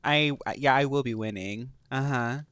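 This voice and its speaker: A man's voice: mid-range voice, a little slow, fairly bright tone, clear, resonant tone, no echo. A young man streaming a video game, reacting with sassy, campy banter and playful teasing. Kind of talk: live game stream commentary.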